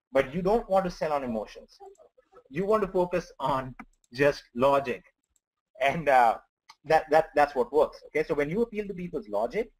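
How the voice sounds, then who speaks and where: A man's voice: on the high side, poor audio. A man with an Indian accent, a company co-founder, presenting on an online webinar in an earnest way, often starting with okay. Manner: repetitive, earnest, says okay a lot.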